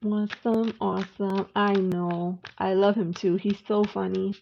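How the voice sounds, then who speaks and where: A woman's voice: medium pitch, little pitch movement, measured pace, creaky. Chatty woman reading tarot on a live stream. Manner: chatty and warm with viewers, laughs often. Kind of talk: casual live-stream chat with viewers. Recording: slightly dull lo-fi sound with faint noise.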